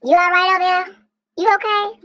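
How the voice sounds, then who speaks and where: A woman co-hosting a podcast in casual chat, animated and teasing, with a lot of profanity. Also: extremely high pitch, brisk, poor audio. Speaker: podcast co-host.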